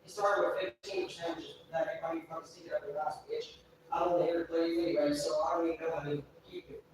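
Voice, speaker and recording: A woman's voice: sits low, little pitch movement, fast, background noise. Profane rambling woman in an echoey room. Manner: profane, rambling, swears constantly. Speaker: livestreamer. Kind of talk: casual livestream storytelling. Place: indoors, live stream. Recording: roomy echo, distant mic.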